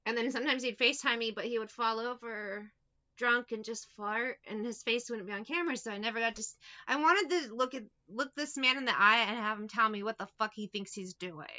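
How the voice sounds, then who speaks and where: A woman chats through a tarot reading in a bright, slightly high voice, swearing freely and mocking the people she talks about. The recording sounds dull and lo-fi. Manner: profane, blunt and mocking. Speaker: tarot reader. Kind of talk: casual spoken tarot reading.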